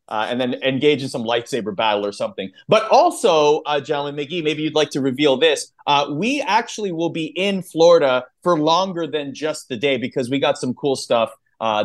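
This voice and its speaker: A man co-hosting a podcast, enthusiastic and playfully over the top as he announces news and chats with friends. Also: a little high. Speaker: podcast co-host. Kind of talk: excited podcast announcement and chat.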